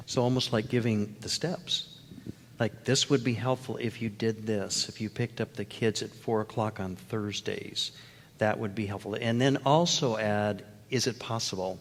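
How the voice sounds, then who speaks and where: Low-voiced man summarizing on a panel. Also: fairly even intonation, normal speed, long reverb tail, slight background noise. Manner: summarizing, reflecting back what others said. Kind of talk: panel discussion.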